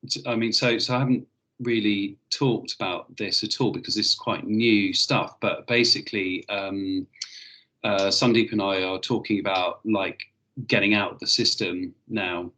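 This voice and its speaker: A man's voice: fairly low pitch, steady tone, moderate pace, pushed and bright. A man, a headteacher guest on a podcast, talking enthusiastically with frequent ums. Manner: enthusiastic, hesitant with many ums. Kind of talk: casual conversational interview.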